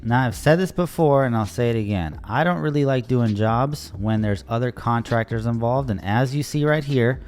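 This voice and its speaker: A young man narrates a job story in casual voice-over, sounding fed up with the delays. His voice sits at an ordinary middle pitch. Soft music plays faintly underneath. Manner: casual and exasperated, acts out quoted dialogue. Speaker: landscaping contractor.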